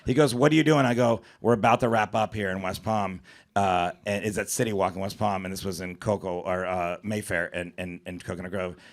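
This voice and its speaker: A male comedian hosting a live podcast, telling an animated, profane story and acting out the quotes. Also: low voice, brisk. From South Florida. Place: comedy club stage before a live audience.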